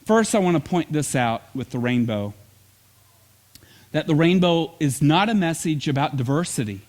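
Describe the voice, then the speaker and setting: A pastor preaching to his church, telling a lively story and acting out the voices of the people in it. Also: on the high side, moderate pace. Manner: animated storyteller, acts out quotes. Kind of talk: sermon with storytelling.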